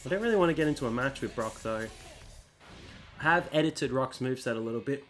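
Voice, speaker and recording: A man's voice: mid-range voice, quick pace, fairly bright tone, soft background music. A man hosting a casual let's-play, chatting through menus and reading the on-screen text aloud. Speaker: gaming channel host.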